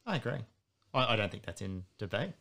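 A woman in her late thirties hosting a casual interview, asking supportive, halting questions. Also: extremely low pitch, very animated, gravelly, fairly bright tone. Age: late 30s. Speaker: interview host.

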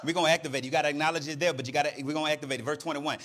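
A man's voice: a little high, rapid-fire, few pauses, a bit bright. A man preaching a fiery sermon, punctuating nearly every phrase with amens and hallelujahs in a call-and-response style.

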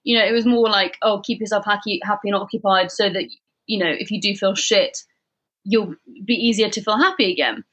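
A woman's voice: mid-range voice, fairly quick, a bit bright, breathy edge. A young woman as a podcast guest, talking in a reflective, rambling way with casual swearing. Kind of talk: casual chat.

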